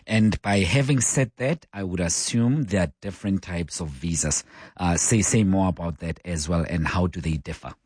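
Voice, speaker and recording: A man's voice: low voice, moderate pace, darkish tone, husky, no echo. A man hosting a live radio talk show, speaking with many fillers and restarts.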